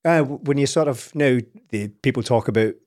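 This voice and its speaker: A Scottish man talks football with friends on a podcast in an easygoing, chatty way. He laughs often and stumbles over repeated words as he gathers his thoughts. His voice sits at an ordinary middle pitch. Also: normal speed, darkish tone. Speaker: podcast host. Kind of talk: casual football podcast chat.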